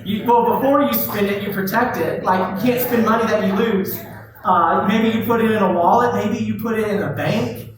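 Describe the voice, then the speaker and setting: A man's voice: sits high, moderate pace, noisy background. Man preaching in a very echoey hall. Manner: conversational, asks the listeners direct questions. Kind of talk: casual sermon. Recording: very echoey hall, distant mic.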